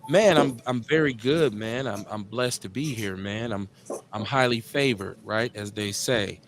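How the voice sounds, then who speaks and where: A middle-aged man with a Midwestern US accent, hosting a live call-in show in a relaxed, slangy way and repeating his phrases. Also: mid-range voice, a little slow, faint music behind. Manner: laid-back, slangy, drawls and repeats phrases. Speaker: radio show host.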